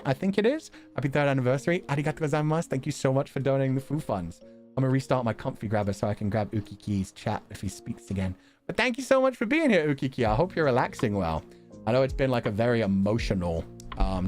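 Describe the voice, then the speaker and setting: Young man, streamer, lively swinging pitch, fast casual chat, faint music underneath. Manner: animated, quick talker who laughs often.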